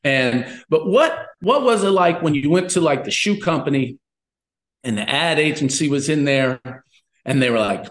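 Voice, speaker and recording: A man co-hosting a podcast, chatting excitedly and laughing along with the guest. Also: on the high side, normal speed. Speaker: podcast co-host. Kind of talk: casual chat. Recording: roomy echo.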